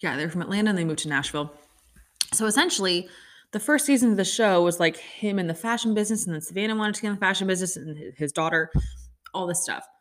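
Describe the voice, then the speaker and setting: A woman's voice: fairly low pitch, expressive, quick pace. A woman in her thirties rants in a loose, chatty way, full of sarcasm and filler words. She sounds like a host talking casually to regular listeners. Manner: chatty, sarcastic ranting with many likes. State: upset stomach. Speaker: podcast host. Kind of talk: casual chat.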